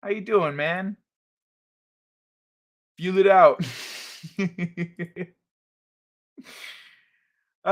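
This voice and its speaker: A man hosting a live stream, chatting casually and reading viewer comments in a jokey, animated way, laughing often. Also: on the high side, clear, resonant tone.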